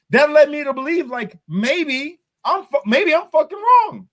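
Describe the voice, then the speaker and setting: A man with an unusually high voice rants through a heated political discussion. His pitch swings widely as he curses and hammers the same point again and again. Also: lively intonation, normal speed, hardly any pauses, pushed and bright. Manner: profane, ranting, emphatic repetition. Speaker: host.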